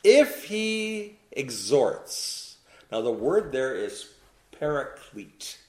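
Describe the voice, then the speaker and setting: A man's voice: mid-range voice, sing-song, extremely slow. A man preaching a sermon, asking the congregation questions and answering them himself. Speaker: pastor. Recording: echoey room.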